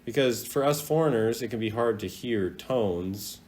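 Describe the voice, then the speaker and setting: A man teaching a casual video language lesson, chatty and animated, drawing out sounds as he demonstrates them. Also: lowish voice. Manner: lively, chatty, drawn-out demonstration of tones.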